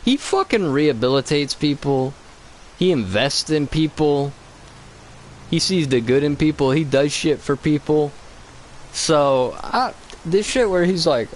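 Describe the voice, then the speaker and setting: A man's voice: a little high, animated, measured pace, slight background noise, poor audio. A man co-hosting a gaming channel, talking in a loose, rambling, profane way about a cartoon movie. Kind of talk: casual gaming commentary.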